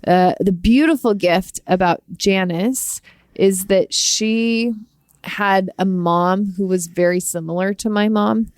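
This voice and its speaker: A woman's voice: medium pitch, slow, a little mellow, no echo, studio quality. A woman co-hosting a podcast, talking earnestly and emotionally, with rambling restarts. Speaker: podcast co-host. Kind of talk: heartfelt podcast conversation.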